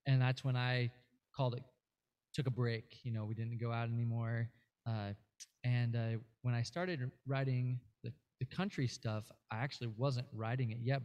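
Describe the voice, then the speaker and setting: Man, guest musician, mellow warm tone, rambling storyteller, casual interview chat. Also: medium pitch, lo-fi sound. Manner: rambling storyteller, many fillers and restarts.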